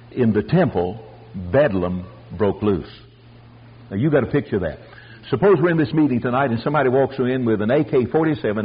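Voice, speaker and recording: An older man preaching a folksy storytelling sermon, animated and acting out the voices of the people in his stories. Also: mid-range voice, breathy edge, muffled recording. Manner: animated, acts out voices, chuckles.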